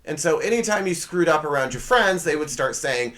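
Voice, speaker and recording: A man hosting a comedy podcast, talking through a casual monologue with sarcastic, rambling asides and quick self-corrections. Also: on the high side, lively intonation, fairly bright tone. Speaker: podcast host.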